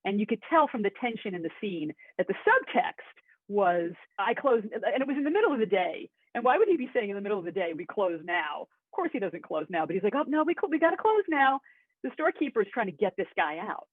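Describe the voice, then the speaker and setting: Woman acting coach, chatty webinar teacher, husky, phone-thin sound. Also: mid-range voice, big pitch swings, fast, no room sound. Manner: chatty and enthusiastic, with asides. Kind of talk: webinar lesson. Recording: tinny phone-like audio.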